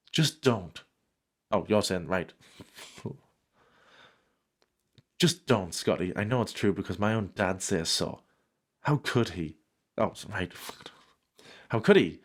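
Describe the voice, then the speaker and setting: A man reading a fan story aloud and breaking off for dry, sarcastic comments. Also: on the low side. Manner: dry sarcastic interruptions, mock outrage. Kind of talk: comedic reading with sarcastic asides.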